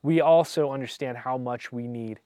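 A man's voice: medium pitch, moderate pace, mellow, smooth, no echo, studio quality. A pastor preaching a conversational sermon, speaking earnestly and informally, addressing his listeners directly with frequent restarts and rhetorical asides.

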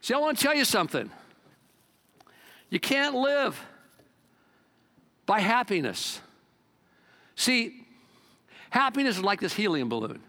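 Pastor, male, high and bright voice, lively conversational sermon delivery. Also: unhurried, pauses often. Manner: animated, conversational preaching with swings in pitch and loudness.

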